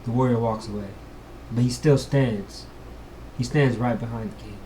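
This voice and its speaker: A man's voice: medium pitch, steady tone, normal speed, pauses often, dark tone, a little hiss or hum. A man narrating an improvised fantasy adventure as a dungeon master for his vlog, mixing dramatic storytelling with casual slang.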